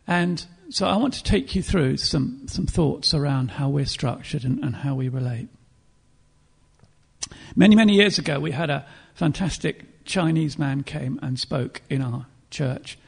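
A man preaching a sermon in an earnest, reflective way, pausing to clear his throat and restart phrases. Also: fairly high pitch, animated.

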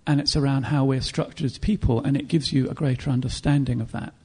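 A man preaching a sermon in an earnest, reflective way, pausing to clear his throat and restart phrases. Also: mid-range voice, steady tone, mellow.

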